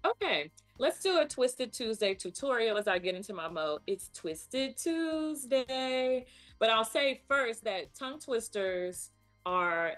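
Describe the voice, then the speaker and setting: A woman's voice: lowish voice, a bit bright. A woman speech pathologist, a guest on a talk show, explaining vocal health and leading tongue twister drills in an upbeat, coaching way. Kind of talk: casual instructional chat.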